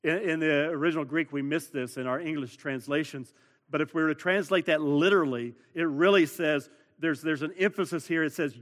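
A man preaching a sermon as pastor, earnest, stressing words by repeating them and building to louder emphasis. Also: a little high, fairly quick. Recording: long hall reverb.

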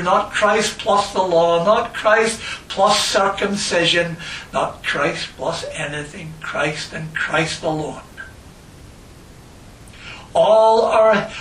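A man preaching a sermon and reading scripture, slow and emphatic, repeating phrases for stress. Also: sits high, a bit bright, slight background noise. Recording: echoey room, voice from a distance.

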